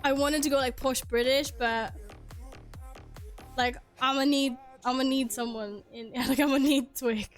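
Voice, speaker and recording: A woman's voice: high-pitched, fairly even intonation, measured pace, soft background music. A woman from Sweden, chatting casually on stream through a headset, swearing and laughing often. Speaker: game streamer.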